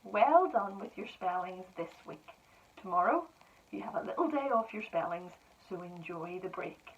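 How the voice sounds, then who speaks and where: A woman's voice: on the low side, animated, normal speed, a little hiss or hum. A woman primary school teacher dictating spelling sentences word by word, with encouraging praise. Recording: dull lo-fi sound from a distance.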